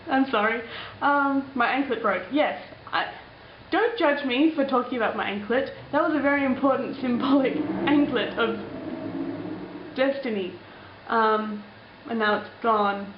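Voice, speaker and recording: A woman's voice: on the high side, background noise. A young woman with an Australian accent, chatting casually as she answers viewer comments in a rambling, playful way with lots of ums. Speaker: vlogger. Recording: roomy, slightly dull home recording.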